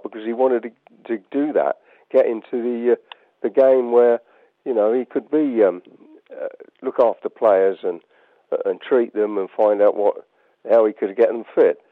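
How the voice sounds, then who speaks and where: A man's voice: on the low side, dry recording. An older man with a Buckinghamshire accent, a guest telling rambling stories, full of ums and restarts. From England, Buckinghamshire. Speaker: guest, chair of ex-players association. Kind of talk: anecdotal radio interview. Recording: dry, tinny phone line.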